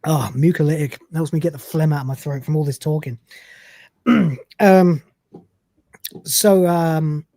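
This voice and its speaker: A man's voice: fairly high pitch, measured pace, creaky, pauses often, mellow. A man hosting a live stream, loosely reading a script aloud and chatting with a casual, swearing manner. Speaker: host.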